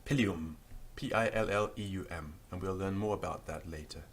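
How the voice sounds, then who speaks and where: A man teaching a beginners' language lesson, patiently spelling out words letter by letter. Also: moderate pace. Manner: lively pitch, stresses example words.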